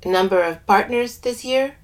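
A woman's voice: medium pitch, unhurried, pitched above the performer's own voice, lightly acted. A woman voicing a shrewd older female nurse with a lilting West Indian accent, asking clipped clinical questions in a story reading. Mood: brisk clinical. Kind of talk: audio drama reading.

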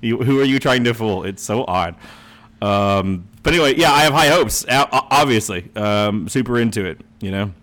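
A man in his thirties, a podcast co-host in casual chat, talking in an animated, profane way and slipping into mocking impressions. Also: lowish voice, normal speed.

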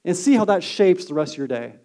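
A man preaching a sermon as a pastor, earnest and emphatic, dropping to a hushed tone on key lines. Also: high voice, animated, fast.

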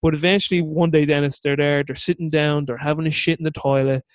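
A man hosting a podcast interview, talking in a rambling, animated way. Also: on the high side, quick pace, no echo. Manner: rambling, animated, full of acted-out inner voices. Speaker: podcast host. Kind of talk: casual interview chat.

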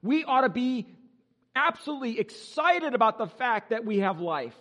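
Man, pastor, high lively voice, animated sermon, playful jokes, long hall reverb. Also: moderate pace. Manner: animated, joking, exuberant.

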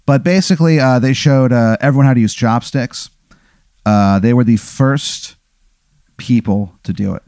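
Male storyteller running a scenario, mellow, dry mic, rambling with fillers. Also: medium pitch, moderate pace, no room sound. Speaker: game master of a hypothetical. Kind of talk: improvised storytelling.

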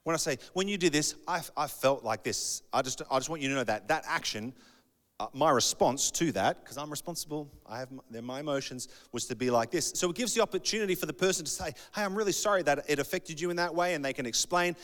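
A man preaching a sermon in a conversational, animated way, acting out bits of dialogue. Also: medium pitch, fast talker. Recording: long hall reverb.

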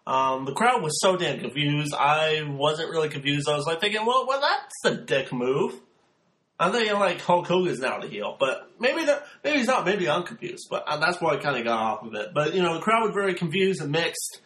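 A man's voice: a little high, animated, fairly quick, hardly any pauses, sharp tone, reverberant. A young man hosting a podcast, giving a rambling, sarcastic casual recap full of filler words. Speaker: podcast host.

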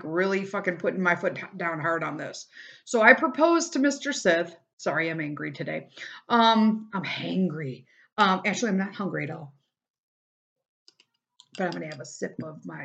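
A middle-aged woman rants on her own casual podcast, blunt and profane and swearing freely. Her voice sits in an ordinary middle pitch for a woman. The recording is dull and a little lo-fi, like a home setup. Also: a bit bright. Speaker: podcast host. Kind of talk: casual solo podcast rant.

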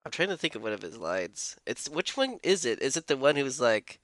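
A woman's voice: extremely low pitch, big pitch swings, brisk, no room sound, studio quality. A woman co-hosting a podcast, chatting casually with playful, jokey asides. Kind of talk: casual chat.

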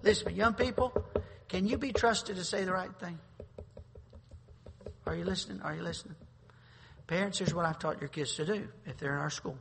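A man pastor preaching a sermon, swinging between loud bursts and quiet asides. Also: high voice, moderate pace, vocal fry, slight background noise. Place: church sanctuary. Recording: long reverb of a large hall.

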